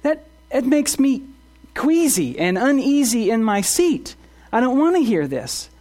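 A man's voice: very high voice, big pitch swings, a little slow, mellow. Earnest preaching pastor, man. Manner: earnest, asks rhetorical questions, repeats words when restarting. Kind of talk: sermon.

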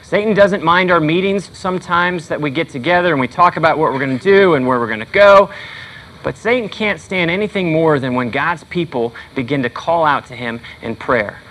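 A man's voice: fairly high pitch, a little fast, a bit bright, poor audio. A male pastor preaching a sermon in an earnest, conversational way with frequent fillers.

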